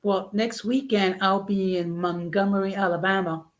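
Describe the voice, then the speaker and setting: A man's voice: high-pitched, steady tone, normal speed. A man chatting casually as a regular guest. He teases the others and argues the contrary side playfully. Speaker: union member and regular guest. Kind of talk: casual chat.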